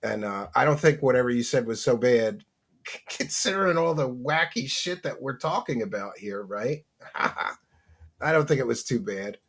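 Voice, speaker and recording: A man's voice: medium pitch, lively intonation, moderate pace, a bit bright, husky. Laughing man hosting a livestream. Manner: reads viewer super chats aloud, laughs often. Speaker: host. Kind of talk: casual livestream chat.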